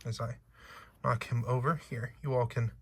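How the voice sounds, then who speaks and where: Husky-voiced playful unboxing vlogger. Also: medium pitch, steady tone, normal speed, fairly bright tone. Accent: slight accent. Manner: playful, chatty, joking asides to viewers. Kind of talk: casual unboxing chat.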